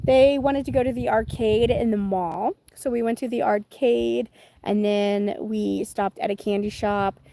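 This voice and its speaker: A woman with a fairly high, creaky, mellow voice speaks at an unhurried pace and a steady tone, with a faint hiss or hum in the audio. She's a channel host and mother of twins running a casual livestream from home, chickens nearby, rambling with viewers, reading their comments, and using plenty of fillers and restarts.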